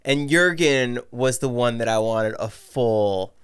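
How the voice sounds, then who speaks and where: Smooth-voiced male podcast host. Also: medium pitch, slow pace, dry recording, studio quality. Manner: short prompting questions. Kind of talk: casual interview chat.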